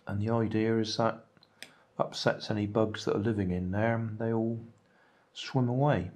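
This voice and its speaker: A man's voice: fairly low pitch, moderate pace. Older man chatting between bites. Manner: relaxed, chatting while eating. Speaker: vlogger. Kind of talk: casual home food vlog.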